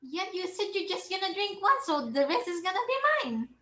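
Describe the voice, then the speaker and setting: A woman's voice: very high voice, very animated, a little fast, bright, forceful tone. A woman chatting casually and playfully, teasing from across the room. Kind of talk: casual chat off to the side.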